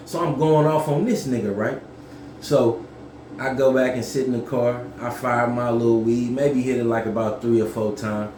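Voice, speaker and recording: A man telling a story casually to camera, profane and animated, yelling when he acts things out. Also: medium pitch, normal speed, roomy sound, a little hiss or hum.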